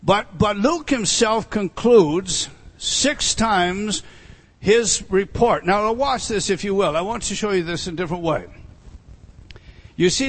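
A male pastor preaching a sermon, animated and emphatic, with frequent asides to the congregation. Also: high voice.

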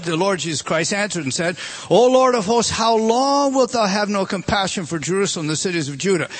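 A man preaching an expository sermon, reading scripture aloud with emphasis and dropping to low, intimate appeals. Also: fairly bright tone, breathy edge.

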